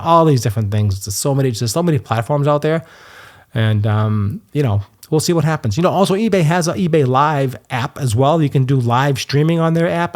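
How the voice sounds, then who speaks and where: Fast-talking male podcast host. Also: medium pitch, darkish tone. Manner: chatty, restarts a lot, gets fired up ranting. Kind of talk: solo podcast talk.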